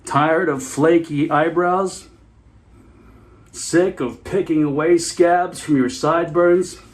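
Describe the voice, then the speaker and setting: A man voicing an overblown male TV infomercial announcer, booming and drawing out a sales pitch. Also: steady tone, slow pace. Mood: hyped.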